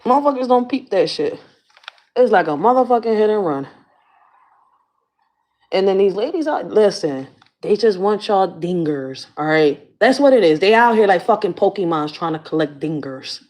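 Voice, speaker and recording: A woman's voice: medium pitch, animated, moderate pace, darkish tone. A woman vlogging as a community activist, ranting to the camera in blunt, profane slang. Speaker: community activist and channel host. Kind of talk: casual rant to camera.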